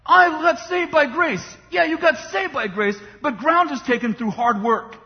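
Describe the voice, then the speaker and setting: A man's voice: extremely high pitch, normal speed. A man preaching a sermon with passion, often mocking the voices of complainers. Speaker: pastor. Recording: dull sound in a long-reverb hall.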